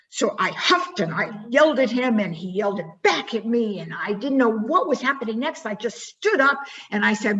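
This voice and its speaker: A woman giving a keynote talk, telling a personal story with expressive, dramatic delivery and leading a quiet reflection. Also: on the high side, normal speed, hardly any pauses. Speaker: keynote speaker. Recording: dull lo-fi recording.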